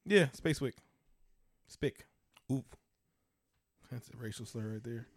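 Male podcast co-host, mid-pitched, brash and profane, dry booth sound. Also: slow pace, no echo. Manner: loud, teasing, laughing, profane. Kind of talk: casual banter.

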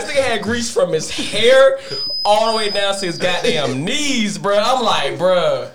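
A young man co-hosting a podcast, telling a story in a casual, animated way and laughing often. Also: high-pitched, normal speed, few pauses, very noisy. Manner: animated, laughing storyteller, loud when acting out quotes. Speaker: podcast co-host.

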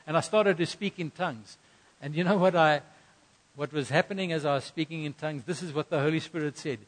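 A man's voice: a little high, a little fast. A middle-aged male pastor preaching a sermon, telling a personal story earnestly with emphatic bursts.

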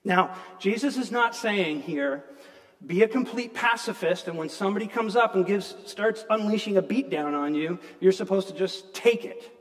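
A man's voice: high voice, lively intonation, moderate pace. A male pastor preaching a sermon in a church, earnest and conversational, with self-deprecating asides. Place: church sanctuary. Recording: long church reverb.

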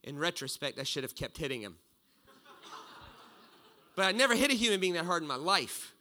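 Preacher guy telling a story, slightly high and really bright, gets loud then drops low. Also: brisk. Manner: animated storyteller, swings from loud bursts to low asides. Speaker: pastor. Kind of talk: sermon with storytelling.

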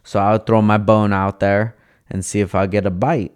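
A man's voice: lowish voice, little pitch movement, moderate pace, clean tone. A young man telling a casual, profane story in slang, acting out the lines of the people in it. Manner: profane, laid-back, slangy, acts out quoted dialogue.

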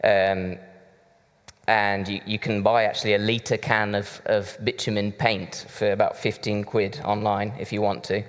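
Chatty preacher in a hall. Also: male voice, on the low side, little pitch movement, unhurried. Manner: conversational, chatty with asides. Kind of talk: sermon. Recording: reverberant hall.

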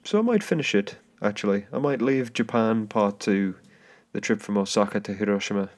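Brisk and fairly low-pitched, an English solo podcaster tells a rambling travel story in a casual way, full of fillers, restarts and chuckling asides. Soft guitar music plays under his voice, which is recorded on a home microphone.

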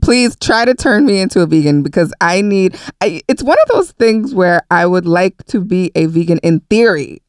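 Woman host, thirties, smooth clear voice, slightly low, upbeat and candid, dry close sound. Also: expressive, moderate pace, hardly any pauses, a little mellow, dry recording. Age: 30s. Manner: upbeat, laughing, frank. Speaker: podcast host. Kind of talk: casual interview chat.

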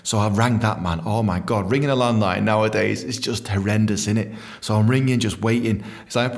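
A young man hosting a podcast, telling a story in an animated, swearing way and acting out other people's voices. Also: fairly low pitch, brisk, few pauses. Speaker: podcast host. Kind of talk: casual storytelling.

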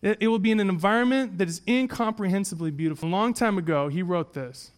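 A man's voice: high-pitched, fast talker. A man preaching a sermon in a church and reading an allegory aloud, earnest and emphatic, repeating his key lines. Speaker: pastor.

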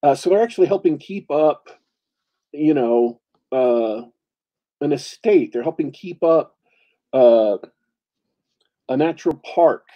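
A man's voice: a little high, animated, slow, pauses often. A man co-hosting a casual chat, rambling, laughing often and restarting his sentences. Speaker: podcast co-host. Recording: lo-fi, dull sound.

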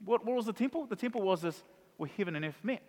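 A male pastor preaching a sermon, animated, acting out the voices of Bible figures. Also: high-pitched, fast talker. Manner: animated, acts out voices of crowd and Jesus. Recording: long reverb of a large hall.

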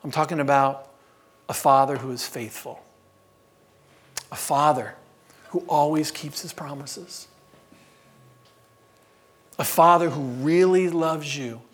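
A man preaching a sermon as pastor, stressing words by slowing down and asking the congregation rhetorical questions. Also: a little high, a bit bright.

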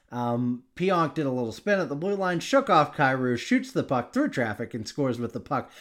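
A man co-hosting a sports podcast in a loose, joking chat. His voice swings widely in pitch as he gets worked up, and he often breaks into laughter. It sits at an ordinary pitch for a man. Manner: excitable, jokey, laughs often, big pitch jumps. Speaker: podcast co-host.

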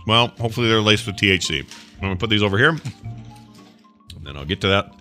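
A man hosting a podcast in casual chat, joking and rambling, now and then shouting for comic effect. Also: on the low side, lively intonation, fast, faint music behind. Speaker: podcast host. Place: studio, chewing jerky on air.

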